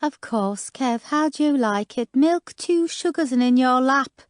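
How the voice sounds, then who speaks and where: A woman's voice: high-pitched, expressive, unhurried, dry recording, clean studio sound, pitched above the performer's own voice. Woman doing a sarcastic Black Country detective. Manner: sweetly sarcastic. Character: young woman detective constable, sharp-tongued.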